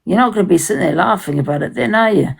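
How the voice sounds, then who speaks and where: A woman's voice: fairly low pitch, animated, racing, vocal fry, breathy edge, poor audio. A woman hosting a casual livestream chat, rambling and swearing freely, with many restarts.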